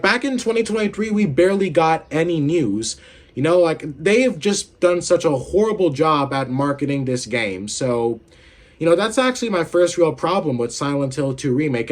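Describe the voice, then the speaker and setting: A young man hosting a casual video game commentary, rambling and swearing with lots of filler words while feeling unwell with a headache. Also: fairly high pitch. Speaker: gaming video host.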